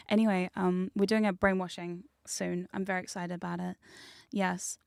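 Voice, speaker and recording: A woman streaming hypnosis content, chatting casually and teasingly with her live chat, sometimes dropping into soft whispers. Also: mid-range voice, moderate pace, gravelly, no room sound, clean studio sound. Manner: playful, teasing, rambling, drops into soft whispers. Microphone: studio condenser mic.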